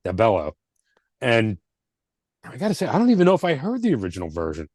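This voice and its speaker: A man's voice: medium pitch, wildly swooping pitch, fast talker, darkish tone, no room sound, studio quality. A man co-hosting a casual album review chat, laid-back and rambling with restarts. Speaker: podcast co-host.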